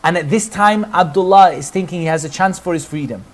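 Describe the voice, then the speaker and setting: A man's voice: fairly high pitch, fairly quick. A man preaching as he tells a religious story in earnest narration, with rhetorical questions to his listeners. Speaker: Islamic preacher.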